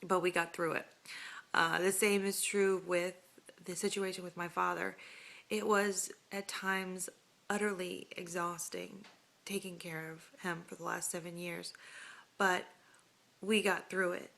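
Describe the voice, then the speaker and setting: A woman's voice: on the low side, little pitch movement, measured pace, vocal fry, a bit bright. A woman in her thirties earnestly speaking to a home video camera, making a heartfelt, hesitant plea. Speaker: homeowner making an audition video.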